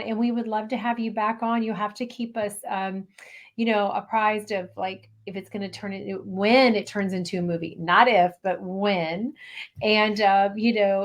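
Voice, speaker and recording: A woman co-hosting a live interview show over a video call, speaking enthusiastically and rambling with fillers. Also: medium pitch. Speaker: show co-host.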